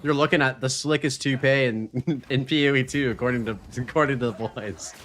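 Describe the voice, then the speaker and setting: A man's voice: mid-range voice, brisk, a bit bright. A man streaming a video game, chatting casually, joking and laughing often as he reads chat messages aloud.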